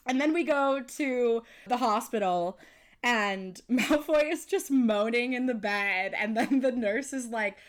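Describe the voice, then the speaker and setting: A young woman co-hosts a podcast in easygoing chat. She laughs often and slips into playful voices when quoting characters. Her voice sits a little high. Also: a little slow. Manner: giggly, animated, quotes characters in playful voices. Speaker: podcast co-host. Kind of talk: casual chat.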